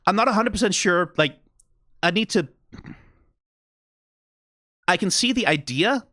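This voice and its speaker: A man hosting a reaction video, talking through the animation in a casual, animated way, full of "like" and "right?" and the odd curse. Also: sits high, unhurried, no room sound, clean studio sound. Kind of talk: casual analytical commentary.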